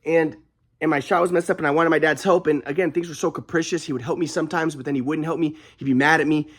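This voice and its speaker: A man's voice: a little high, steady tone, quick pace. A young adult man vlogging, telling a personal story in a rambling, aggrieved way with frequent restarts.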